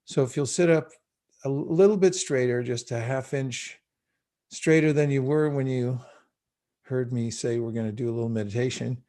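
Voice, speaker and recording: A man with a mellow, warm voice leads a guided meditation over a video call. His delivery is calm and unhurried, gently instructive as he walks listeners through breathing. His pitch sits in an ordinary middle range for a man. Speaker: meditation teacher.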